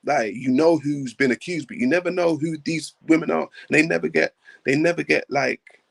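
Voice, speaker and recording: A man's voice: a little high, normal speed, vocal fry. A man hosting a livestream, talking emphatically, repeating his points and calling viewers bro. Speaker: livestream host. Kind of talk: livestream commentary.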